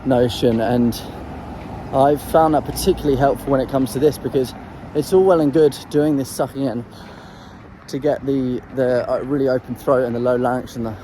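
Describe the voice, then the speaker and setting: Man with a dark, mellow tone, mid pitch, unscripted vlog explaining voice technique with lots of fillers, faint outdoor noise behind. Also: steady tone, normal speed, poor audio. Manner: rambling, hesitant, full of ums and restarts; demonstrates throat sounds while talking. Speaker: voice coach sharing singing tips.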